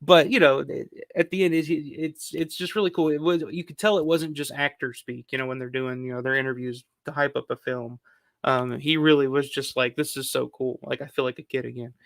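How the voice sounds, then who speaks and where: A man's voice: fairly high pitch, steady tone, brisk, a bit bright, no echo, studio quality. A man hosting a film countdown video, talking casually and rambling with lots of fillers and the odd swear word. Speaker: film review channel host.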